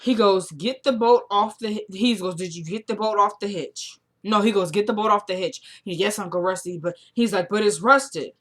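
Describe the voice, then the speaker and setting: A young woman casually recapping a TV episode, retelling the scenes by quoting the characters and getting loud and excited at the twists. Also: mid-range voice, moderate pace, few pauses. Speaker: TV recap vlogger.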